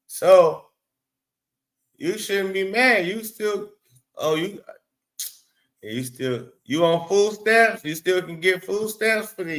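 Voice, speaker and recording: A man's voice: on the high side, fairly bright tone. A man hosting a live stream, rambling, profane and blunt as he talks back to his chat. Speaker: livestream host.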